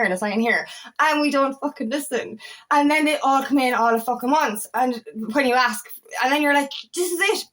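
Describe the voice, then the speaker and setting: Emphatic woman, fairly high voice. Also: bright, forceful tone. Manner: emphatic, swears often, raises voice. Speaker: empowerment coach. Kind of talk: candid personal monologue.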